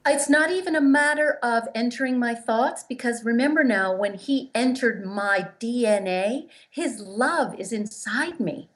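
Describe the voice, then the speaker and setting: An earnest woman guest tells her story with emphasis, her voice a touch higher than most. She acts out the quoted voices as she goes. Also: a little slow, hardly any pauses. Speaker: guest, relationship therapist. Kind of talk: interview storytelling.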